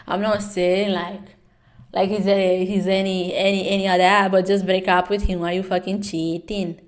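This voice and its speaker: A woman's voice: medium pitch, flat delivery, soft background music. A woman commenting on a webtoon in a sarcastic, swearing reaction style, acting out the characters' lines. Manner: plays every character in quick put-on voices.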